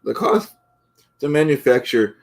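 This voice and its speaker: Speaking a little slowly at medium pitch with vocal fry, a livestream host stays in character as a pompous, touchy middle-aged man cooking eggs. In the improvised comedy stream, he rambles and blusters, holding firm to his own facts.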